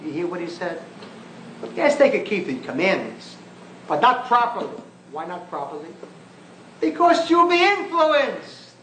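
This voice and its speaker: Male rabbi, high lively voice, emphatic and scornful, lecturing in a roomy hall; old archival lecture recording. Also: normal speed, slight background noise. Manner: emphatic, mocking, rhetorical questions. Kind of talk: impassioned public lecture.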